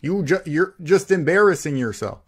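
Male streamer, sarcastic and teasing; somewhat high, swooping voice that rises and falls a lot. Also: expressive, normal speed, slightly rough, soft background music. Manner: sarcastic, mocking; reads other players' chat aloud. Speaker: game streamer. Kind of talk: live gameplay commentary.

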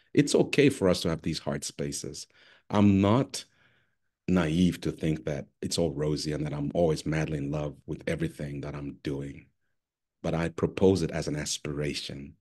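A middle-aged man delivers an online conference keynote over a video call. His voice sits low and slightly husky. He speaks expressively and turns to listeners by name. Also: fairly even intonation, moderate pace, a little mellow.

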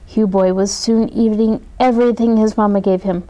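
A woman reads a children's picture book aloud with a warm, mellow tone. Her delivery is gentle and expressive, at an ordinary pitch for a woman. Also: normal speed, low-quality recording. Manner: gentle, expressive read-aloud with voiced characters. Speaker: storybook reader. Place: community media studio.

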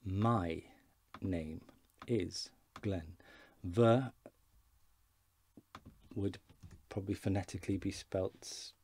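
A man giving an informal beginner language lesson, slowly modelling words for learners to repeat. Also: low voice, darkish tone, a little hiss or hum. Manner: slow, careful pronunciation drills. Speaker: Welsh language teacher.

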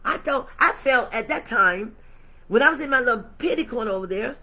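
A woman's voice: on the high side, animated, fairly quick, pushed and bright, slightly rough. A woman pastor preaching emphatically, acting out her dialogue with God. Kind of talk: sermon.

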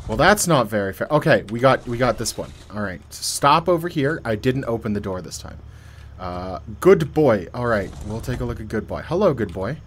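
A man giving casual, joking commentary while playing a horror game. He reads on-screen text aloud and swings between quiet muttering and loud yelps. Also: lowish voice, big pitch swings, normal speed, a little hiss or hum. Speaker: let's play gamer.

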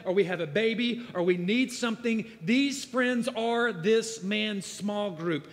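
A man delivers a sermon in a higher-pitched voice that echoes through a church hall. He talks conversationally, builds to emphatic bursts, then drops low and quiet. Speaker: guest preacher. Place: church sanctuary.

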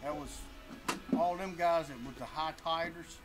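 A local man speaks in a laid-back, halting way. His voice sits fairly high. Other men chat around him outdoors. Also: steady tone. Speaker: local resident. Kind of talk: casual chat. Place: outdoors on a driveway. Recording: outdoor chatter of a group.

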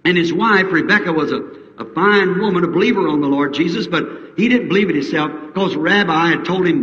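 A man's voice: high-pitched, a little fast, a bit bright. Fervent preacher man in a distant hall. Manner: fervent, acts out characters in raised voice. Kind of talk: revival sermon storytelling. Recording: old distant hall recording, muffled.

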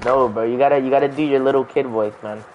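A man's voice: mid-range voice, fairly even intonation, quick pace, narrow, tinny audio, slight background noise. A young man streaming a game, chatting casually with friends, laughing often and swearing in joking banter. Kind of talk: casual gaming chat with friends.

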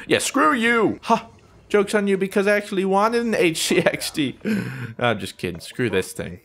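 A man giving jokey, self-mocking commentary over his own shooter gameplay, often shouting in surprise. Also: high-pitched, sing-song, moderate pace. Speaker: gaming YouTuber.

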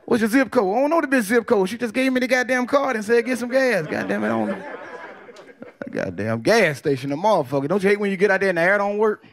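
A man doing a profane stand-up comedy set, telling loose stories with quick character voices. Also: high voice, expressive. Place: comedy club stage with audience. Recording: loud crowd laughter behind.

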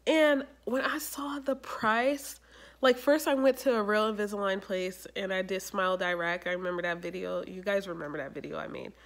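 A young adult woman chatting casually in a vlog, rambling and animated, with lots of fillers. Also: mid-range voice, moderate pace. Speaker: YouTuber.

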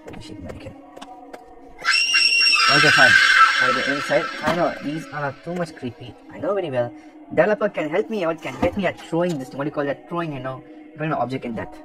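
A man commentating a horror game as he plays, excitable and taunting the monster, with some swearing. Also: a little high, quick pace, loud music behind the voice. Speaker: gaming commentator. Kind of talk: let's play commentary.

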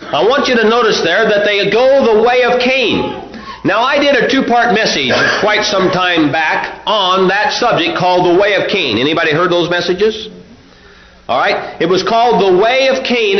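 Man, pastor, sermon, folksy and forceful, echoey church hall, dull lo-fi sound. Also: high voice, lively intonation, normal speed. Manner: folksy storytelling, forceful preaching. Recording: roomy, dull lo-fi recording.

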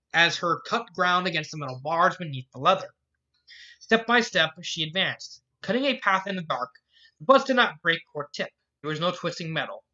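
A reader narrating a fan fiction story aloud in a measured, earnest way. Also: medium pitch, pushed and bright. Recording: dull lo-fi recording.

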